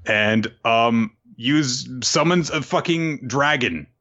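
A man's voice: medium pitch, bright, forceful tone. Sex: man. Role: podcast host. Style: casual profane recap. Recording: slightly dull lo-fi. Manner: loose and profane, fillers, jumps into quick character voices.

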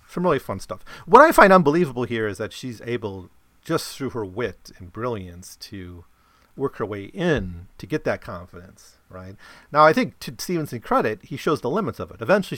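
A man's voice: lowish voice, a bit bright, no echo. A man giving a casual explanatory talk about a novel, often checking in with listeners by asking "right?". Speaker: lecturer on a novel.

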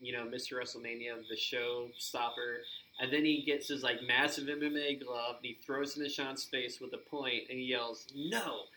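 A man co-hosting a podcast, excitedly recapping events and acting out quoted lines in casual chat. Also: medium pitch, normal speed, a little hiss or hum, rough recording. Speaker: podcast co-host.

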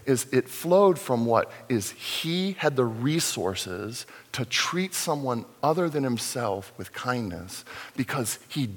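A middle-aged man preaching a sermon as pastor, in a conversational, animated storytelling manner. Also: medium pitch, breathy edge. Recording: long reverb of a large hall.

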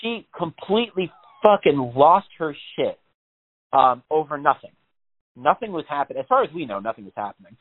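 A man's voice: fairly high pitch, very animated, moderate pace. A man telling a story in casual, rambling chat on a podcast, with lots of swearing. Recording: tinny phone-like sound.

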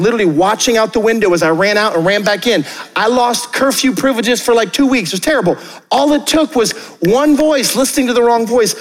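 High-voiced energetic pastor preaching in reverb. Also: male voice. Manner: energetic, conversational, jokey with quick acted asides. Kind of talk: sermon. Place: church auditorium.

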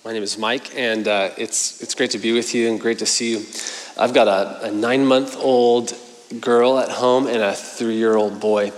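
A man's voice: medium pitch, fairly even intonation, normal speed, a little hiss or hum. A man in his thirties giving a sermon, telling stories in a chatty, self-mocking way with fillers. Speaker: pastor. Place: church hall. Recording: long church hall reverb.

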